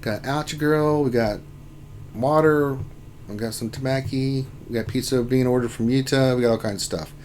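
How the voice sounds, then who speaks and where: A man hosting a casual gaming livestream, talking through his game, with loud exclamations and laughter. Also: mid-range voice, fairly even intonation, normal speed, slight background noise. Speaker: livestream host.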